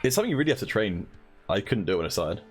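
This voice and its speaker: A man's voice: fairly low pitch, sing-song, racing, soft background music. A man co-hosting a live stream, chatting casually and laughing often. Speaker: streamer and co-host.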